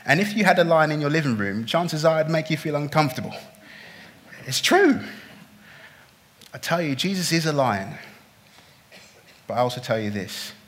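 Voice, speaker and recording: A man preaching a sermon in a church, his voice pitched a little high for a man. He moves between quiet, drawn-out phrases and loud, pleading bursts. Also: expressive. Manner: impassioned, swings from hushed to loud pleading. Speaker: pastor.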